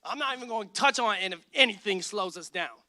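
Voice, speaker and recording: Male pastor, 30s, high voice, animated sermon storyteller, dry sound. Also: quick pace, no room sound. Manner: animated storytelling, acts out dialogue.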